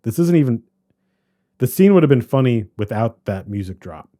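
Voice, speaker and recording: A man co-hosting a podcast, chatting casually about a movie in a rambling, animated way that keeps trailing off and restarting. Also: mid-range voice, normal speed. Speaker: podcast co-host. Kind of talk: casual movie review chat.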